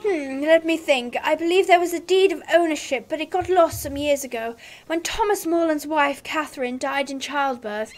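A woman's voice: high voice, normal speed, close to an everyday voice. A woman putting on a kindly, grandmotherly voice for an older British accountant in a game. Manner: sweet, grandmotherly drawl.

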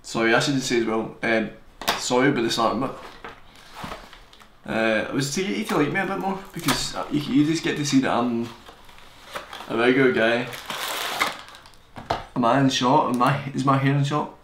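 A young man reviewing a gadget on camera in a fast, joking, rambling way. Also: medium pitch. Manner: fast-talking, joking, digressive. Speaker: tech reviewer. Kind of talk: casual rambling product review. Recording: echoey room, faint hiss.

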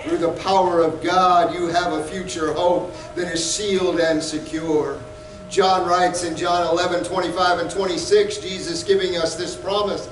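A man preaching a sermon as pastor, fervent and rising to shouts at times. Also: high-pitched, steady tone, normal speed, reverberant, recorded from a distance, low-quality recording.

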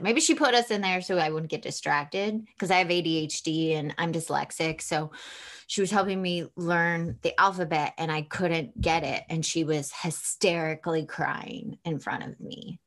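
A woman speaking candidly as a podcast guest, her voice sitting a little low for a woman. She tells personal stories openly and with feeling, slipping into the voices of the people she quotes. The delivery is conversational and unscripted. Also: fairly bright tone. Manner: open, emotional, acts out quoted voices. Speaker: author guest.

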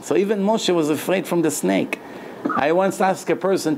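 A man giving a Torah lecture as a rabbi, animated and dramatic, laughing often and acting out quotes. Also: sits high, moderate pace, vocal fry, slight background noise.

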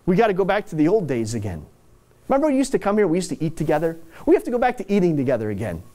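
A man's voice: a little high, wildly swooping pitch, very fast, dark tone. A man voicing an eager, proud elderly widower in an earnest, insistent way while telling a story.

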